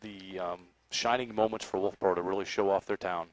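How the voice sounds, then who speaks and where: A man's voice: low voice, fairly even intonation, a little fast, no room sound, low-quality recording. A man co-hosting a live broadcast outdoors at a parade, jumping in eagerly and wrapping up the show. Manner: jumps in eagerly, wraps up the show. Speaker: co-host. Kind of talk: casual live broadcast chat.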